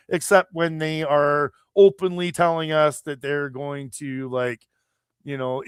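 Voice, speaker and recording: A man's voice: fairly high pitch, clean tone, no echo, studio quality. Profane, heated man ranting on a livestream. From Canada. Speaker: livestream host. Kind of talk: angry political rant.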